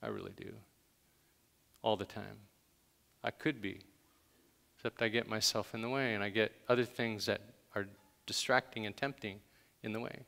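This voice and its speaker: A man's voice: lowish voice, steady tone, normal speed, vocal fry, pauses often, sharp tone, big-room sound. A man preaching a sermon in a conversational way, with sudden emphatic bursts. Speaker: pastor.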